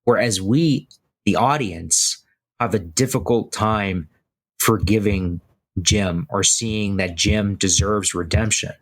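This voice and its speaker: A man's voice: fairly low pitch, takes it slowly. A man hosting a podcast, talking through a film in a loose, rambling way, full of "like" and "right?". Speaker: podcast host. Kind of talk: casual film discussion.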